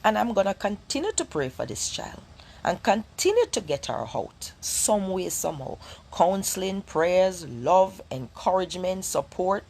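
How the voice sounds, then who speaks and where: A woman's voice: fairly low pitch, big pitch swings, unhurried, vocal fry, darkish tone, husky. A middle-aged Jamaican woman with a Jamaican accent, addressing viewers as a mother in an emphatic, declaring way.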